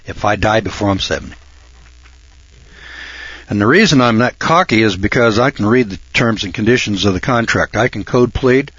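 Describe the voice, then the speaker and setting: Husky sixty-nine-year-old man ranting folksy. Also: lively intonation, moderate pace, no room sound. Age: 60s. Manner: folksy, cocky, swings from low mutter to loud shouting. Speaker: radio program host. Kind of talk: preachy radio monologue. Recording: dull lo-fi dry recording.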